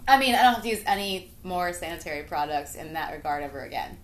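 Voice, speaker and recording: A young adult woman co-hosting a podcast, telling a story in a lively, casual way and swearing freely. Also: on the low side, fast talker, slight background noise. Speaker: podcast co-host. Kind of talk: casual chat. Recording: roomy echo.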